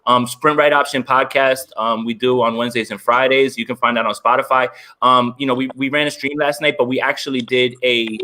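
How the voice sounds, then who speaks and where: A man's voice: medium pitch, flat delivery, fairly quick, few pauses, sharp tone. A man guesting on a sports podcast, upbeat and chatty, with lots of fillers. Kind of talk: casual sports podcast chat.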